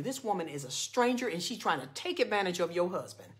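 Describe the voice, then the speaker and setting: A woman's voice: big pitch swings, quick pace, hardly any pauses. A woman in her forties, a marriage coach, giving a fervent, emphatic preaching talk. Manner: fervent and emphatic, swinging from loud reading to low earnest talk.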